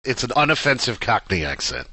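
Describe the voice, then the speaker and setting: A man co-hosting a podcast in casual chat, thoughtful and measured. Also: medium pitch, sing-song, sharp tone. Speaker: podcast co-host.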